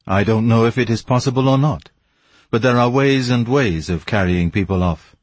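A man voicing a grave, secretive Persian who speaks slowly and in a measured way. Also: medium pitch, no room sound, close to an everyday voice.

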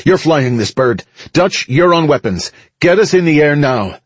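A man voicing a brisk, commanding woman squad leader who barks short orders in an audiobook. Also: on the low side, darkish tone, slightly rough, no echo. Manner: clipped barked orders.

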